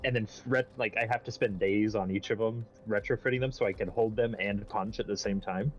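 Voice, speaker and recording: A man's voice: on the low side, steady tone, brisk, dull audio. A man playing in the tabletop game, eagerly rambling about his character's build in casual chat. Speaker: player.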